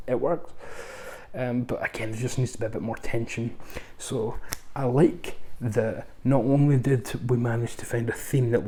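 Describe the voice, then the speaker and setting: Warm in tone and mid-range in pitch, this channel host reviews a film casually, rambling with plenty of ums, false starts and chatty tangents.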